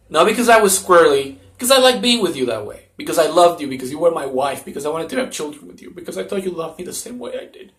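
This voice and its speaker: A man's voice: fairly high pitch, expressive, brisk. Crying young man, rambling plea. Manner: rambling, pleading, repeats himself. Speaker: vlogger. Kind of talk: emotional personal monologue.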